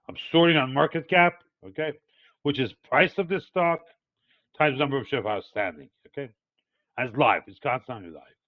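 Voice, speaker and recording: A man's voice: mid-range voice, dry recording. An older man with a non-native English accent, a market analyst teaching a live webinar, digressive and hesitant with many fillers as he explains step by step. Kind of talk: live chart walkthrough for traders. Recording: tinny phone-like dry sound.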